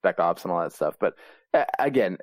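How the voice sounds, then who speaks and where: A man co-hosts a podcast and critiques an episode with animated emphasis. His pitch moves all over the place. The sound is dry and close. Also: a little fast, no room sound. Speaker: podcast co-host. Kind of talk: casual critique.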